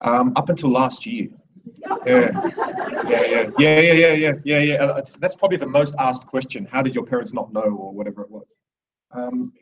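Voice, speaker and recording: A man's voice: fairly low pitch, far from the mic, a little hiss or hum, low-quality recording. A man in his thirties giving a rambling, digressive live speech to an audience, with many restarts. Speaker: speaker at a live event.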